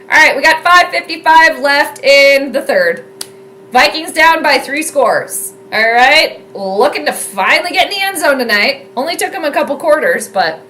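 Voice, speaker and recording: A young woman giving casual live commentary on a football game from her home, chatting with viewers and yelling at plays. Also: sits high, expressive, normal speed, a little hiss or hum. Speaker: sports commentator and astrologer streaming live. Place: home room with space heater.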